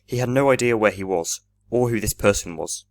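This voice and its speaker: A young man reading a fan-written story aloud in steady storybook narration. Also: fairly low pitch, a little fast, no echo.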